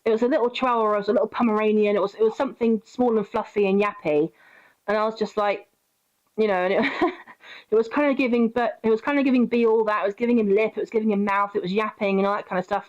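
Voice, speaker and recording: A woman's voice: mid-range voice, lo-fi sound. A woman streaming a game, telling a story in casual chat, swearing freely and answering her chat.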